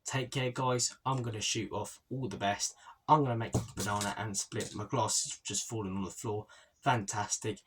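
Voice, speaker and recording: A man's voice: lowish voice, fairly even intonation, moderate pace, a bit bright, slight background noise. A young man hosting a football fan channel, talking through a post-match reaction in a chatty, opinionated way and often repeating himself. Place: holiday stay by the sea.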